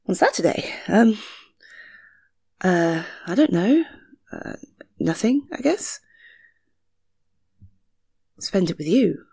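A young adult woman in an intimate whispered role-play, sighing and giggling softly with a breathy voice. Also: on the low side.

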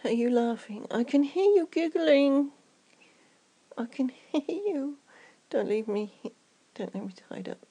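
A woman's voice: high-pitched, lively intonation, unhurried, warm tone. A young woman in a whispered role-play, giggling often and teasing as she talks, sometimes dropping to a whisper.

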